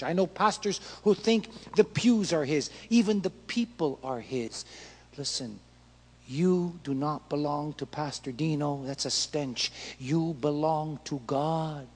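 A man's voice: a little high, takes it slowly, breathy edge, big-room sound. A male pastor preaching a passionate sermon, acting out prayers and dialogue with rising intensity.

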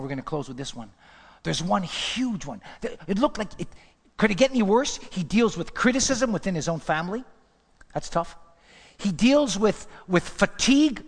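A man preaching a fervent sermon as pastor, swinging between loud declarations and hushed asides. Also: sits high. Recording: long hall reverb.

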